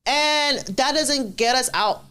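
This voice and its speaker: A woman's voice: high voice, slow, bright, forceful tone, smooth. A woman co-hosting a podcast in blunt, teasing, profane casual chat. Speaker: podcast co-host.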